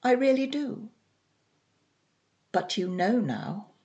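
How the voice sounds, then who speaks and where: A woman reading aloud, voicing a weary older woman who speaks quietly and slowly. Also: medium pitch, animated. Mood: resigned. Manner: quiet, soft-spoken.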